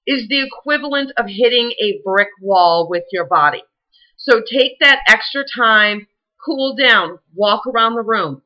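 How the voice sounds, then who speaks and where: A young adult woman with a Southern US accent, a fitness instructor, gives chatty, encouraging workout advice to the camera, full of fillers. Her voice is fairly high and sharp, and the recording quality is low.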